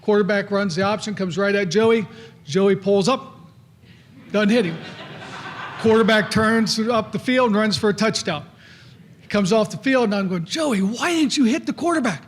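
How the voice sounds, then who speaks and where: A middle-aged man tells old coaching stories at an awards night. His voice sits fairly high, and he slips into the voices of the coaches and kids he quotes. His delivery is folksy and anecdotal. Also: normal speed, long pauses, slight background noise. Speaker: hall of fame inductee giving a speech. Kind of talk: anecdotal acceptance speech.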